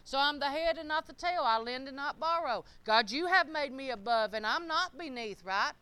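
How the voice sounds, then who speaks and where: Emphatic high-voiced woman preaching. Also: lively intonation, normal speed, dry recording. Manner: emphatic, rising to shouted peaks. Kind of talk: sermon. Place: church.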